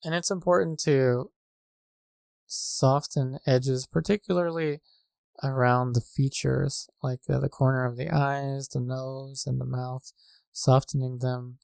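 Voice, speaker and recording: A man with a gravelly, low-key voice walks through a painting demonstration. His delivery stays flat and measured, with small pauses and fillers as he works. The sound is dry and close, with no room around it. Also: no echo. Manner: calm, measured, with frequent fillers. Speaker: painting instructor. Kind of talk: tutorial narration. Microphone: desk microphone.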